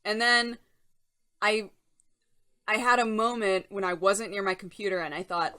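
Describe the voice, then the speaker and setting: A woman's voice: mid-range voice, steady tone, normal speed, long pauses, sharp tone, smooth. A young woman hosting a casual live-stream chat show, reading and answering chat in a chatty, giggly way. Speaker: streamer host.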